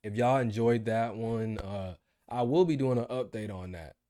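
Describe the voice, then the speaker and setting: Guy in his 20s venting about work on camera, lots of slang, animated. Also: lowish voice, normal speed. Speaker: vlogger. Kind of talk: casual video diary rant.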